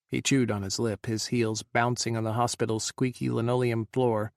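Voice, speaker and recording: A man narrating an audiobook, with slow, dramatic emphasis on emotional passages. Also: mid-range voice, flat delivery, gravelly, no room sound, clean studio sound.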